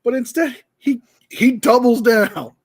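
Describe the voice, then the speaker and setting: Slow-talking, amused show host. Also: medium pitch. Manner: amused, laughing asides. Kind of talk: reaction commentary.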